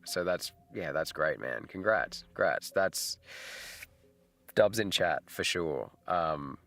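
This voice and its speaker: A man's voice: deep voice, animated, takes it slowly, gravelly, fairly bright tone. A middle-aged man, hosting a casual livestream chat, laid-back and rambling, laughing often. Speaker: livestream host. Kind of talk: casual live chat with viewers.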